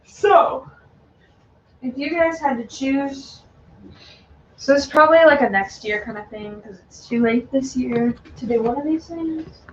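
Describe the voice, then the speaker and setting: Chatty young woman, high-pitched, echoey room. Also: a little slow. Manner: chatty, scolding the dog. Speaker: co-host of a dog channel. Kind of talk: casual chat with viewers. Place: home room. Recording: echoey dull room sound.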